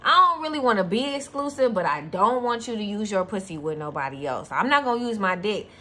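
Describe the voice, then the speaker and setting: A woman's voice: mid-range voice, expressive, brisk, pushed and bright. A woman with a Southern US accent giving a casual tarot reading, blunt and profane, laughing often. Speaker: tarot reader.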